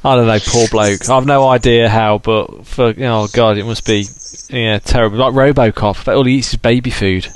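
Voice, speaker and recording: A man with an East Midlands accent, hosting a podcast in relaxed, plain-spoken casual chat. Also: mid-range voice, normal speed, few pauses, clear, resonant tone, no room sound. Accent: East Midlands English. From Derby, England. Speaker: podcast host.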